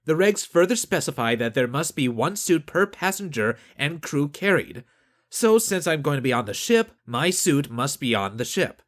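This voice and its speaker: A man voicing a clever young crewman who argues regulations in a calm, methodical way. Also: fairly high pitch, normal speed, voice pushed up. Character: clever young man, precise crew accountant.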